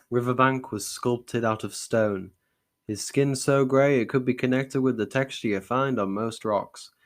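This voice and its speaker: A young man reading his own story aloud in an overwrought, mock-dramatic way, with wry self-mocking asides. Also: lowish voice. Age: young adult. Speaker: channel host reading his old story.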